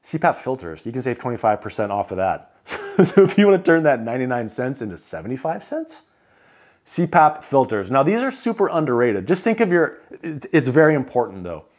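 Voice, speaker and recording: A man talking through sleep-therapy gear in a casual rundown. His voice sits at an ordinary pitch, and he drops in quick jokes and asides as he goes. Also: big pitch swings, a little mellow. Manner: chatty, joking asides. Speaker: CPAP equipment reviewer.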